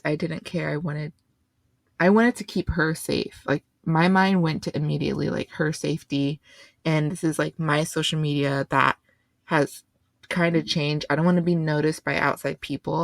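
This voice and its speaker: Young female co-host, deep voice, laid-back filler-heavy chat, dry close mic. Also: vocal fry, no room sound. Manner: casual, filler-heavy, with bursts of indignation. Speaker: podcast co-host. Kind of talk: casual chat.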